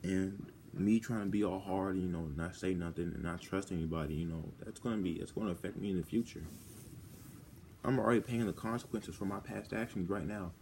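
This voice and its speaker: A teenage boy with a low, dark voice talks through a personal vlog, halting and rambling, full of restarts. He sounds close to tears. Faint background noise sits under his voice. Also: fairly even intonation. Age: teens. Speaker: vlogger.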